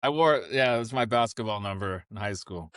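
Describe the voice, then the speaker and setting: A man's voice: lowish voice, a little fast, fairly bright tone, clear, resonant tone, no echo, studio quality. A man co-hosting a casual podcast chat, upbeat and earnest. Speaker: podcast co-host.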